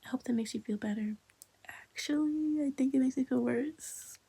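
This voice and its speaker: A woman's voice: sits high, normal speed, gravelly, warm tone, breathy edge, poor audio. A woman reading a webtoon aloud and reacting in casual, often half-whispered talk.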